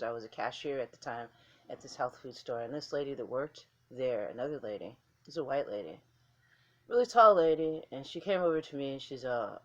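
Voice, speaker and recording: A woman vlogger talking casually to camera in a blunt, candid way, swearing freely. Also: rumbling low.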